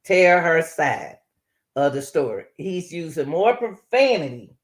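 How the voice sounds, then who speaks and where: A woman's voice: deep voice, sing-song, measured pace. A woman host talking casually and explaining step by step as she comments on a recorded call.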